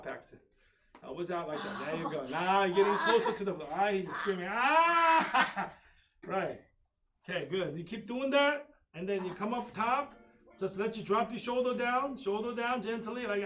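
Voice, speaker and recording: A man teaching a live online taekwondo class, calling kick counts and drills with sharp shouts. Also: sits high, recorded from a distance. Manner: coaching commands, loud kiai shouts. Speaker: taekwondo instructor. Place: training studio.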